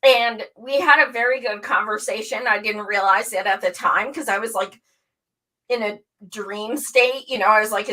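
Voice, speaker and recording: A woman's voice: fairly high pitch, normal speed, poor audio. A woman who hosts a show, telling her story in casual chat, candid and full of swearing. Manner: candid and profane, animated storytelling. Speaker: show host.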